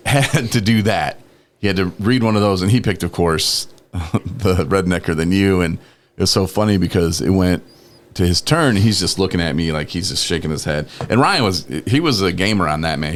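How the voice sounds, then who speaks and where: A man on a recovery talk show, telling rambling stories in a casual, laughing chat and acting out other people's lines. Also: low-pitched. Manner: rambling, laughing, quotes people in lively voices. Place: podcast studio.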